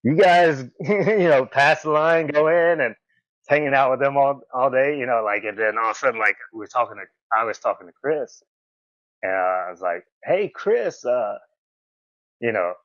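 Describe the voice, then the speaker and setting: Animated man telling stories. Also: medium pitch, normal speed, no room sound. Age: 40s. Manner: animated, acts out quoted lines in a raised voice, laughs often. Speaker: podcast guest, former wrestler. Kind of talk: casual storytelling interview. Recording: dull, slightly muffled audio.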